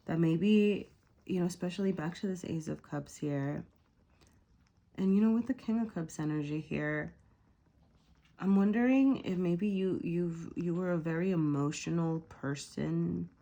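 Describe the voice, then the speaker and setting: Low-voiced woman giving a rambling tarot reading. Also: warm tone. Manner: rambling, hesitant, many fillers and rhetorical "right?"; apologetic, self-correcting. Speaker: tarot reader. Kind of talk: casual spoken tarot reading.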